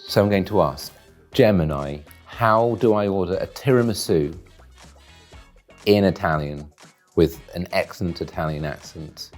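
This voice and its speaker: A man giving deadpan, dry, wordy commentary while tasting food in a studio. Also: low-pitched, a little slow, soft background music. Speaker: guest taste-testing food.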